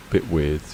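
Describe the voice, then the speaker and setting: A man giving casual live gameplay commentary, chatty and muttering to himself as he plays, laughing often. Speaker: gameplay streamer. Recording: loud game noise behind.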